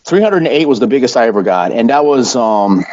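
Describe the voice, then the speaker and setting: A middle-aged man hosting a podcast, telling stories in a blunt, profane, animated way. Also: mid-range voice, fairly quick. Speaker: podcast host. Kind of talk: casual chat. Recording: dull lo-fi sound.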